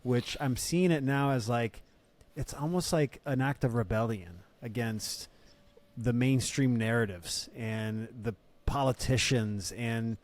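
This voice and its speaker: A man hosting a casual podcast interview, speaking earnestly with some halting phrasing. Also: mid-range voice. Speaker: podcast host.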